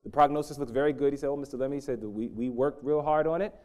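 A middle-aged man preaching a sermon, swinging from loud emphasis to hushed, intense storytelling. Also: mid-range voice, quick pace.

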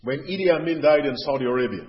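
A man preaching a sermon, dropping to quiet asides and then rising to loud, pleading questions. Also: on the high side, lively intonation, quick pace. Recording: dull audio with long hall reverb.

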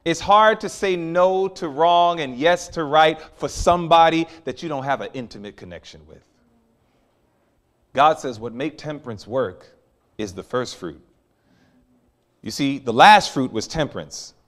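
Animated preacher with a lively voice. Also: male voice, mid-range voice. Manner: animated, storytelling with acted quotes and sudden loud peaks. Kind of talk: sermon.

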